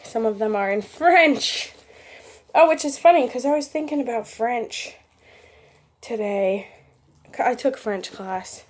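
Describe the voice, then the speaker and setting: A woman's voice: a little high, expressive, unhurried, pauses often. A young adult woman talking to camera in a casual, rambling vlog, chatty and giggly as she drifts between topics. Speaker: vlogger.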